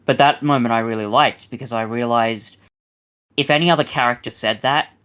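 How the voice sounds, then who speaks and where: A man hosting a casual podcast chat, talking in a measured, hedging, thoughtful way. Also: medium pitch, a bit bright, clear, resonant tone. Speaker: podcast host.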